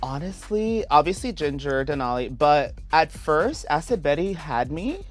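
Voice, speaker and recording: A man talking as a guest on a casual chat show, sassy and slangy with quick asides. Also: fairly high pitch, very animated, soft background music.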